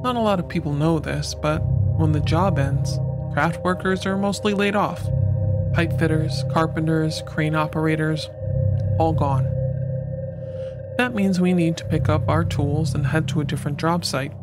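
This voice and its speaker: A man reads a horror story aloud with measured, deliberate pacing. His voice sits a little high for a man, and loud music plays under the narration.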